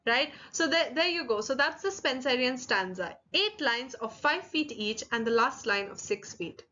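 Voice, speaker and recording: A woman's voice: high-pitched, expressive, pushed and bright, highs cut off. A woman teaching a literature lesson, explaining patiently, repeating points and breaking them into parts, with many fillers. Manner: reads verse aloud slowly, syllable by syllable. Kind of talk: explanatory online lecture.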